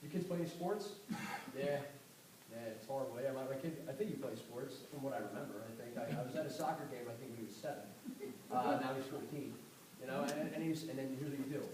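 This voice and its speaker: A man giving a motivational sales training talk, energetic and repetitive, acting out sales conversations in an echoey room. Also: mid-range voice, fairly quick. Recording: very echoey distant room recording with faint noise.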